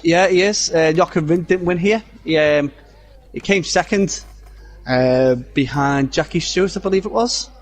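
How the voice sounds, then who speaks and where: A man commentating a live sim-racing stream who fills the gaps with history and trivia. He is quick to correct his co-host, and his voice sits a little above the usual male pitch. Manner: informative, corrects his partner, full of trivia.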